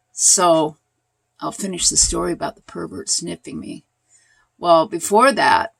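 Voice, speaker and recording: Older woman telling a story, gravelly. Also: on the low side, no echo. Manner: animated, laughing, pointing at places on a map. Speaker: vlogger telling a personal story. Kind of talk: casual storytelling.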